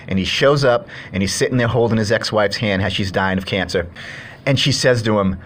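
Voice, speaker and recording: Low-voiced man rambling through a film review. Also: a little fast, fairly bright tone, slight background noise. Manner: rambling, chatty retelling with fillers. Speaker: movie reviewer. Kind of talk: casual movie review.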